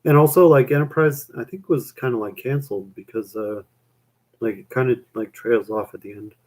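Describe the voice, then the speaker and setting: A man's voice: mid-range voice, moderate pace, a little mellow. A young man chatting on a live stream, rambling with lots of fillers and casual swearing.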